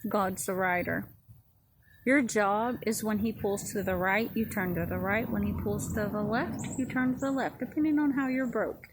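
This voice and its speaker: A woman's voice: mid-range voice, moderate pace, noisy background. A woman giving a personal testimony sermon in an earnest, repetitive preaching cadence. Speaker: ministry speaker.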